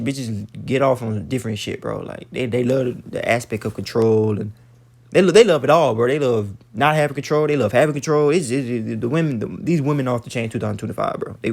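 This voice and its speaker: This man speaks briskly in a mid-range voice that's a little mellow, with vocal fry. An online commentator reading news, he rants casually and bluntly, cursing a lot, tripping over and repeating words, and preaching with scripture citations.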